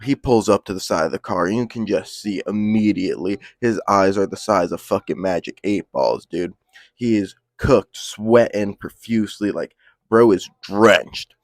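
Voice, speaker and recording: A man's voice: lowish voice, moderate pace, no echo. A young man telling a casual story, full of slang and swearing, rambling along. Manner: profane, slang-heavy, rambling.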